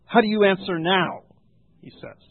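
A man preaching a sermon, explaining scripture in a measured way with frequent ums and pauses. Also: high-pitched, expressive, gravelly, dry recording. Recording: dry, tinny phone-like sound.

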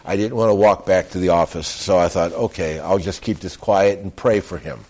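Earnest male pastor preaching, lowish voice, chatty asides. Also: darkish tone. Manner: earnest, repeats phrases with emphatic pauses; conversational storytelling with restarts. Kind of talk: sermon.

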